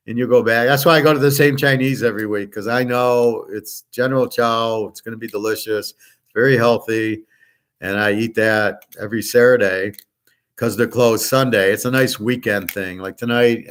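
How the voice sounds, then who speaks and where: A man's voice: mid-range voice, a bit bright. A man hosting his own channel, talking in a rambling, blunt casual monologue and swearing freely. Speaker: host of a picks and markets channel.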